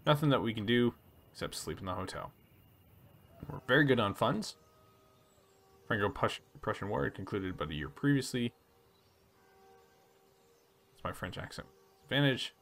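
A man hosting a relaxed let's play, reading story text aloud and chatting about his choices. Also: on the low side, normal speed, creaky, pauses often. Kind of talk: casual gameplay commentary reading game text aloud.

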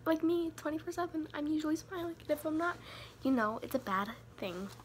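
A woman's voice: high-pitched, animated, fairly quick, a little hiss or hum. A teenage girl giving rambling, self-mocking advice in a casual vlog, giddy from too much sugar. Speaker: vlogger.

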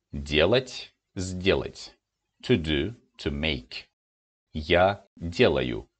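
A man with a Russian accent who speaks Russian natively, teaching a grammar lesson in English and clearly pronouncing example words. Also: on the low side.

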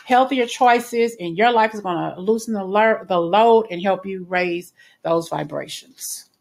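A woman's voice: medium pitch, unhurried, vocal fry, a little mellow. A woman giving a casual spoken tarot reading in a chatty, reassuring way, with frequent fillers and restarts. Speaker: tarot reader.

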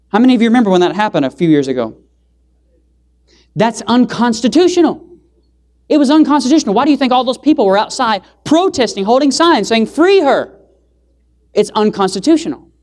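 A man, an evangelist, preaches an intense sermon in church, firing questions at the congregation and answering them himself. His emphatic style leans on key words, with pitch and loudness spiking suddenly.

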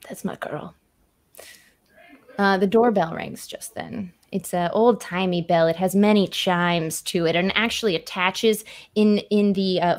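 A woman's voice: mid-range voice, darkish tone. A woman narrating a tabletop horror game as game master, chatty with many fillers.

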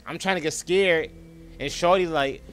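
A man's voice: fairly high pitch, moderate pace, fairly bright tone, a little hiss or hum. A man in his thirties hosting a horror let's play, hyped and slangy, joking with his viewers. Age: 30s. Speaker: gaming channel host.

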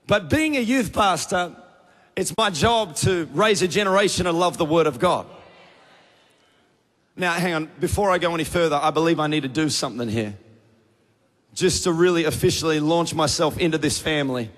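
Australian man, youth pastor, energetic sermon and prayer, high voice, hall echo. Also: moderate pace. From Australia (Tasmania). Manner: energetic, rising to fervent prayer. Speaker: youth pastor, guest preacher. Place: large church auditorium. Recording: big church hall reverb.

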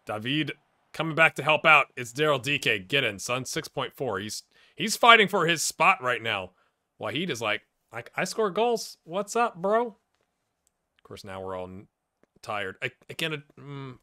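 Excitable, bright-voiced man calling a game. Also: mid-range voice. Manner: excitable play-by-play, swinging between shouts and mutters; jokey, talks to viewers. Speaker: gaming YouTuber. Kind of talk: let's play commentary.

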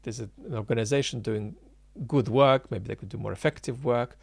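Man, political commentator, husky, emphatic, thinking aloud. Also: on the low side, fast, a little mellow, no room sound. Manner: thinking aloud with frequent ums and restarts; emphatic, argumentative. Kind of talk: unscripted commentary.

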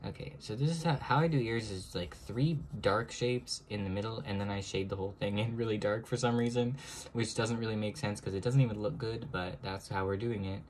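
A young man chatting casually to viewers as he draws, self-mocking, now and then breaking into high excited exclamations. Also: a little hiss or hum. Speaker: drawing vlogger. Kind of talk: casual chat while drawing.

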